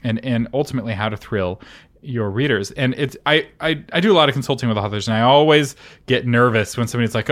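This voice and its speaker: A man co-hosting a writing podcast, giving advice in a casual chat, emphatic with quick laughing asides. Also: medium pitch, a bit bright. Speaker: podcast co-host and author consultant.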